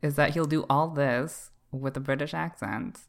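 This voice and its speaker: A man's voice: on the high side, normal speed, creaky. A man from Canada in a casual comedic podcast chat, talking in a playful, campy, teasing way. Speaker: podcast co-host.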